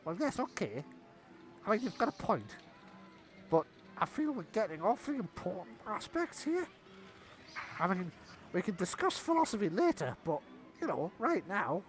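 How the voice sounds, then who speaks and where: A rambling, distrustful little goblin, put on by a man swings his voice up and down as he stammers through his doubts. His pitch sits a touch high and lively in this tabletop game. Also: normal speed, pauses often, soft background music. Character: wary, rambling male goblin, small and grumbling.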